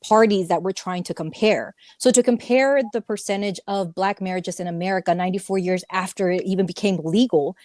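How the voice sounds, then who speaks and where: A woman's voice: mid-range voice, fairly quick, few pauses, darkish tone, dry recording, clean studio sound. A woman on a panel explaining research with dates and references, reading from her notes. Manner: informative, cites notes and dates. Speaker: panel guest. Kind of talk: casual panel discussion.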